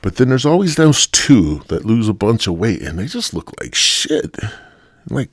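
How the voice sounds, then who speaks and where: A man's voice: lowish voice, big pitch swings, normal speed, breathy edge, no echo, studio quality. A male podcast host rambling bluntly through a profane solo rant. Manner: rambling, heavy swearing, blunt.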